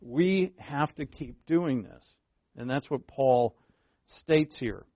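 Man preaching slowly with emphatic stresses. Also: medium pitch, expressive, no room sound. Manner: teaching, with slow emphatic stresses and asides. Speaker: pastor. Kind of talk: sermon. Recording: dull, lo-fi dry recording.

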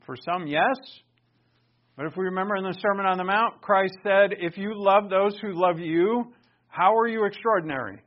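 A man's voice: high-pitched, normal speed. Emphatic preacher man, lo-fi recording. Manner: emphatic, stresses key words with sudden loud bursts. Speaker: pastor. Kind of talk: sermon.

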